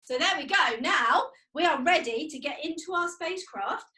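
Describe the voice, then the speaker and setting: A woman's voice: sits high, animated, normal speed, sharp tone. A young woman leading a cheerful, sing-song video lesson for preschool children, counting along with exercises. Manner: cheerful, sing-song, leads physical activities. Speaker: preschool educator.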